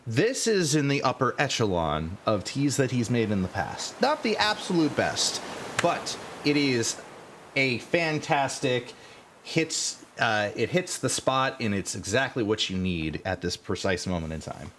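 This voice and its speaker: A man's voice: medium pitch, very animated, unhurried, fairly bright tone, a little hiss or hum. A man narrating as game master in a tabletop game, hesitant with many fillers.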